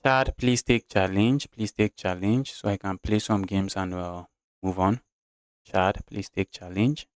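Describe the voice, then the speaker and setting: Nigerian man streaming chess, smooth voice. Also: sits low, fairly even intonation, a little slow, dry recording. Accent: Nigerian English. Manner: chatty, talks through moves and reads chat aloud. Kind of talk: live chess stream commentary.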